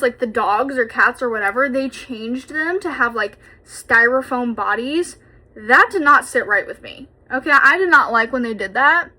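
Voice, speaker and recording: A young woman in her twenties telling a childhood story while doing her makeup, chatty and animated, swearing freely, filmed on a propped-up phone. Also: high voice. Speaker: beauty vlogger. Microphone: phone camera propped up.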